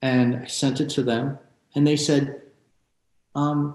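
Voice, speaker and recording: Excitable storytelling man in echoey room. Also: mid-range voice, slow. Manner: excited, tells stories with quoted asides. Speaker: guest guitarist. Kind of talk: animated storytelling interview.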